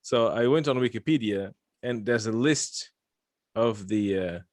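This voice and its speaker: Low-voiced joking male podcast host. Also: unhurried, no echo, studio quality. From Lithuania. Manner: rambling, joking, frequent restarts. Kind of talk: casual chat.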